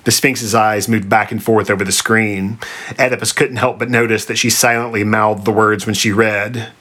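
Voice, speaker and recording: Bright-voiced man reading a story. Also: lowish voice, fairly even intonation, normal speed. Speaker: narrator.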